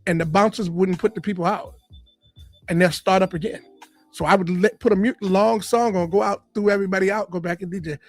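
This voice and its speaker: A man, a comedian and radio personality, telling stories from his life in an animated interview style and acting out the voices of people in them. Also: high voice, a little fast, faint music behind. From Boston area. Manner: animated storyteller, acts out quoted voices. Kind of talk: storytelling interview. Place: podcast studio.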